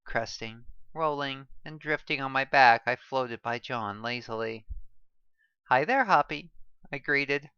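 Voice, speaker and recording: Bright, clear-voiced woman reading a novel. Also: a bass voice, steady tone, measured pace, hardly any pauses, dry recording, lo-fi sound. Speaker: story reader.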